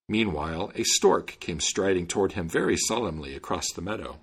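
A man narrating a fairy tale in an expressive, lively reading style. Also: deep voice, a little fast, few pauses, slightly rough. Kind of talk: storybook narration.

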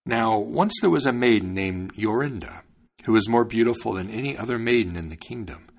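A man reading a fairy tale aloud as a storyteller, in a measured, expressive manner. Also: fairly low pitch, creaky. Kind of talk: storybook narration.

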